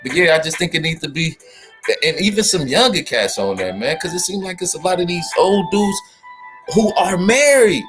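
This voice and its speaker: Slangy guy on a livestream, fairly high voice, jumps around a lot in pitch, faint music under him. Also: brisk. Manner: animated, slangy, talks straight to chat. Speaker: livestream host. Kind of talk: casual livestream commentary.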